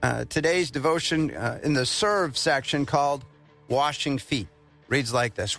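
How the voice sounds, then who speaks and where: A man hosting a morning radio show, reading daily history items and a devotional in a plain, steady way. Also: medium pitch, measured pace, gravelly, soft background music. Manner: reads with plain, steady delivery and fillers.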